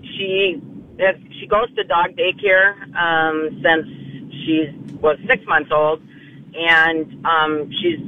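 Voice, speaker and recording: A woman calling into a radio show, talking hesitantly with many pauses and ums. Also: fairly low pitch. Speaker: caller. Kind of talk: call-in radio question. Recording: tinny phone line with faint noise.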